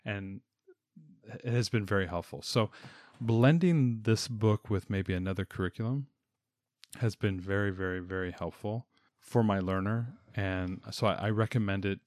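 A man's voice: lowish voice, moderate pace, a little mellow, no echo, clean studio sound. A man, a homeschooling parent, talking casually about a reading program, often restarting and repeating words. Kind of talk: casual podcast chat.

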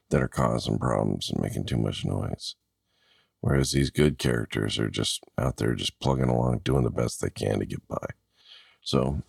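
Deep-voiced man hosting a podcast. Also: vocal fry, a little mellow, no room sound, studio quality. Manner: rambling, self-correcting, jokey storyteller. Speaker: podcast host. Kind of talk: casual chat.

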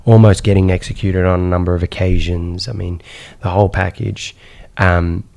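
A man from Iraq telling his life story as a guest, in an animated way with frequent fillers and "right?". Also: deep voice, normal speed, gravelly. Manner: animated, repeats "right?" and "insane", many fillers. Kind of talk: personal storytelling in conversation.

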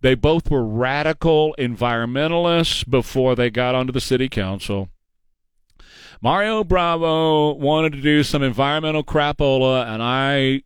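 A man's voice: medium pitch, smooth, no room sound. Guy hosting talk radio, blunt and mocking, dry studio mic. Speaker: radio talk show host. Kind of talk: opinionated talk radio monologue. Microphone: studio microphone.

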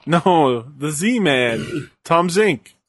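Man, dry close sound, lively pitch, easygoing teasing, casual wrestling chat. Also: drawn-out words, no room sound. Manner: easygoing, teasing, laughs often. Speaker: podcast co-host.

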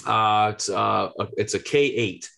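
A man in his forties, a health coach, telling an animated story in an interview and acting out the voices he quotes. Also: on the low side, gravelly. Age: 40s. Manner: excitable, rapid, acts out quoted voices.

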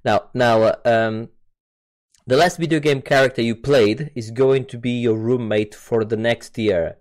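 A man's voice: mid-range voice, fairly even intonation, a little slow. A man hosting a podcast over a video call, chatting casually, rambling and repeating and restarting words. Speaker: podcast host. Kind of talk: casual chat. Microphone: mic on a video call recording.

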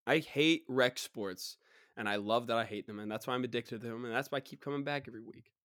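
A hoarse young man talks through a casual solo podcast, his voice worn and partly gone. He rambles from story to story, getting animated as he mocks people. The sound is close and dry, with no room echo. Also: medium pitch, fast talker. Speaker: podcast host.

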